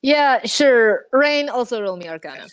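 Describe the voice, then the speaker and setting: A woman running a tabletop game as game master, talking in a hesitant, halting way with many fillers. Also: fairly high pitch, animated, clear, resonant tone. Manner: hesitant, many ums and likes.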